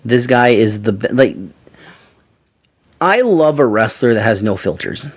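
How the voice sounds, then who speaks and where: Male podcast host, mid pitch, animated storyteller, casual and a bit crude. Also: measured pace. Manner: animated storytelling, swears freely. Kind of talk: casual chat.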